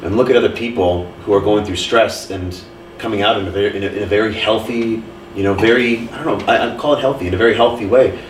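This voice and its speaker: A young man co-hosting a casual podcast chat, telling stories and acting out what people said with lively swings in his voice. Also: fairly low pitch, quick pace, a little hiss or hum. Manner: animated storyteller, acts out quotes. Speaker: podcast co-host. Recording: roomy sound, mic at a distance.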